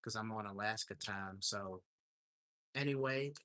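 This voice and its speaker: A man's voice: on the low side, measured pace, bright, forceful tone, no echo. A man hosting a casual livestream, telling a story in an indignant, ranting way. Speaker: livestream host. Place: home in Alaska.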